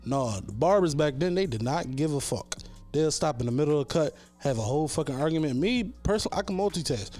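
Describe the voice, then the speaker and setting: A man's voice: on the high side, fast, soft background music. Blunt, profane barber man. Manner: blunt, profane, animated storytelling. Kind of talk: casual podcast chat.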